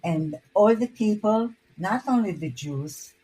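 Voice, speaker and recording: Husky older woman. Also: mid-range voice, expressive, dark tone, low-quality recording. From Hungary. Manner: halting, restarts words often. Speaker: interviewee. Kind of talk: personal testimony.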